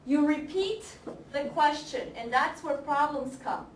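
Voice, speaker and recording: Slow, high-voiced woman teaching a class. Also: animated. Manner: slow, deliberate, repeats example sentences and quizzes students. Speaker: ESL teacher. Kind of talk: classroom grammar lesson. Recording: echoey classroom, camera far off, faint noise.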